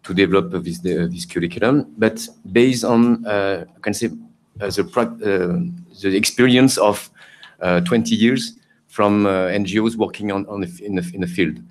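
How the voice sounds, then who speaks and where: Low-voiced hesitant male panelist. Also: moderate pace, a little hiss or hum. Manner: hesitant, many fillers and restarts. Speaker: panelist from Cambodia. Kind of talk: conference panel remarks.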